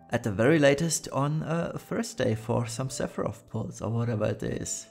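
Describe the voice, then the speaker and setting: A man's voice: medium pitch, expressive, normal speed, creaky, hardly any pauses, a little mellow, faint music behind. A man hosting a gaming channel, giving blunt, critical commentary full of fillers, his voice a little worn. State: voice wearing thin. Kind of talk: casual commentary on a mobile game.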